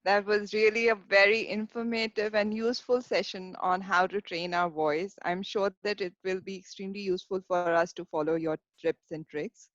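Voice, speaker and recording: A woman's voice: medium pitch, fairly even intonation, normal speed, hardly any pauses, dry recording. Woman running a club meeting, formal n gracious, dry dull sound. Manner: formal, gracious, quoting sayings. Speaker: meeting host. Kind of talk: meeting facilitation.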